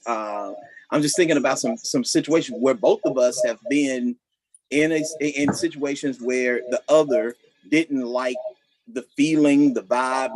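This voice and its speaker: A man's voice: medium pitch, dry recording, low-quality recording. Rambling man, dry close sound. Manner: rambling, halting, many restarts. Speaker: married guest on a couples panel. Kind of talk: casual panel discussion.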